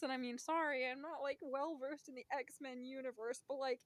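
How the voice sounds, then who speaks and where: Brief: young woman podcaster, playful storyteller, slightly high voice, dry close sound. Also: normal speed, few pauses, no echo. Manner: animated storyteller, playfully indignant. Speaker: podcast co-host. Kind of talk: casual podcast chat.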